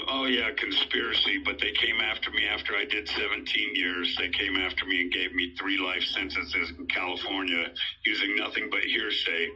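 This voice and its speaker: Middle-aged guy talking about his case, husky and kinda low, lots of uh and um, pleading. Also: pushed and bright, rough recording. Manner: rambling, full of hesitations and fillers; earnest, pleading. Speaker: man giving an update on his own legal case. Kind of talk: unscripted personal account.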